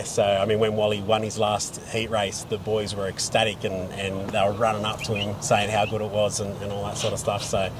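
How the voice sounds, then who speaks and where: An Australian race car driver answering interview questions in halting, good-humoured speech full of fillers. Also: male voice, lowish voice. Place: outdoor speedway pits. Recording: distant voice with clear outdoor noise.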